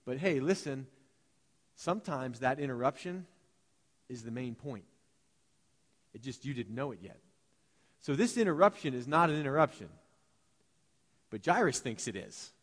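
Animated male preacher in a reverberant hall. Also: mid-range voice, moderate pace, pauses often. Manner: animated, conversational preaching with acted-out voices. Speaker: pastor. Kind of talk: sermon. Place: church sanctuary.

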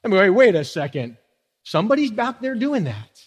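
A man's voice: sits high, big pitch swings, a little fast, breathy edge. A man preaching a sermon as pastor, conversational, with frequent rhetorical questions to the congregation. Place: church sanctuary. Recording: long church reverb.

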